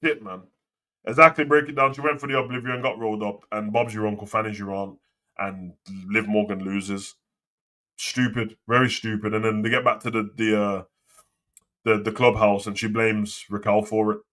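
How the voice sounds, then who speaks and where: A man's voice: on the low side, little pitch movement, normal speed, a bit bright. A young man hosting a live wrestling talk show, ranting and swearing in casual slang. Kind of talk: casual live commentary and rant.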